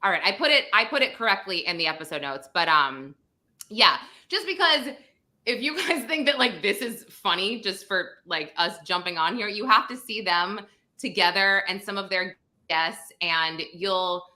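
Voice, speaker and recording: A woman's voice: mid-range voice, expressive, moderate pace, pushed and bright. A woman hosting a podcast, chatting casually over a video call with many fillers. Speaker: podcast host.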